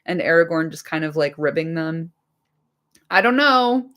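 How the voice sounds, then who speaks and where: Chatty, slightly hoarse woman streamer. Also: deep voice, expressive, moderate pace, fairly bright tone. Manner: chatty, swears freely, enthusiastic. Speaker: streamer reading a book aloud. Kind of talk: casual chat to a live stream.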